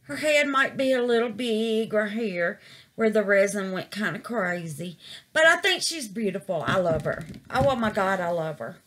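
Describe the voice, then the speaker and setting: A woman's voice: mid-range voice, lively intonation, moderate pace, fairly bright tone. A woman gushing over her resin craft in a casual vlog, calling her viewers baby and y'all.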